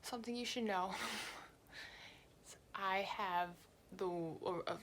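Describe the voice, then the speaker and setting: A young woman vlogger telling a story in a lively, blunt way and swearing often. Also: mid-range voice, slow, a little hiss or hum. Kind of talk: storytime vlog.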